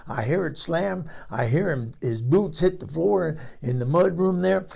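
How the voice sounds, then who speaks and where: Guy doing a chatty old lady telling stories, gravelly voice, keeps cracking herself up. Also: on the high side, animated, a little slow, darkish tone, full character voice. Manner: chatty, rambling, laughs at own story. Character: folksy older woman, frank, rambling storyteller. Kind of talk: comic character monologue.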